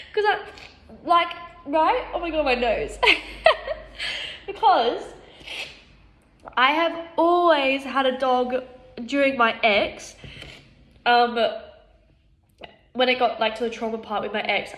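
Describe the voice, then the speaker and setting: A woman speaks to camera in a blunt, unguarded monologue about herself, swearing freely and laughing often. Her voice sits a little high. The room around her is noticeably echoey. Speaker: vlogger. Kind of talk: candid self-reflective monologue.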